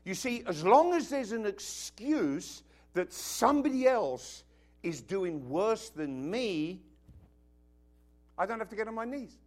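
A man's voice: sits high, big pitch swings, takes it slowly. A man from Britain with a British accent preaching a sermon, emphatic and joking, often asking the congregation whether they follow. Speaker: pastor.

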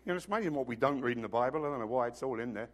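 A man's voice: medium pitch, animated, rapid-fire. A man preaching a sermon in a conversational way, acting out little scenes and dropping joking asides to the congregation.

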